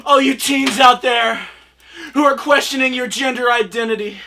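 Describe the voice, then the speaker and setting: A channel host giving a comic, overwrought product review, swinging into tearful, preachy shouting. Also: sits high, steady tone, moderate pace, gravelly. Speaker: reviewer hosting own channel. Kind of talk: comedic over-the-top product review.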